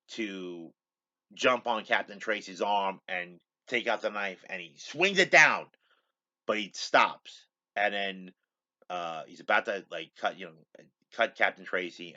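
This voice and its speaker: Male host, casual rambling recap, bright edge, slightly dull lo-fi sound. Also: on the low side. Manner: rambling storyteller, many fillers and restarts. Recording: dull lo-fi recording.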